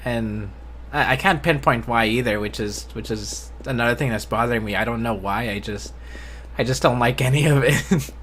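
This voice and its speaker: A man in casual live-stream talk, his voice bright and forward. He speaks in a flat, low-enthusiasm way, restarting his sentences with repeated words. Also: moderate pace, a little hiss or hum. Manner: self-described monotone, low enthusiasm. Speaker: host.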